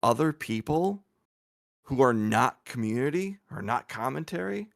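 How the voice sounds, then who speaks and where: A man's voice: mid-range voice, expressive, measured pace, vocal fry, fairly bright tone, no room sound, clean studio sound. A man on a live stream, scolding and lecturing someone with repeated pointed questions. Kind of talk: casual live-stream commentary.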